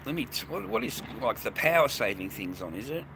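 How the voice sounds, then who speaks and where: An Australian vlogger rambles casually on a noisy city street with traffic passing, speaking bluntly, swearing, and calling the listener "mate" again and again. His voice is mid-range, creaky, and sing-song, and he talks fairly quickly.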